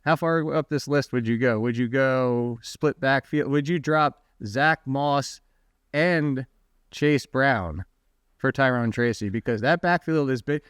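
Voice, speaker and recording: A man hosting a fantasy football podcast in a casual, chatty way, throwing quick questions and asides to his co-host. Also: medium pitch, smooth, dry recording, clean studio sound.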